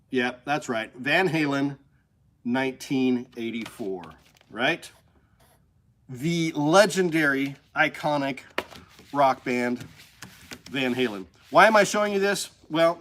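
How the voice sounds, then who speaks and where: A man's voice: fairly high pitch, fairly bright tone, a little hiss or hum. A man hosting a casual live stream, talking enthusiastically and emotionally while chatting with viewers. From Missouri Ozarks. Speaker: livestream host. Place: indoors with a shelf.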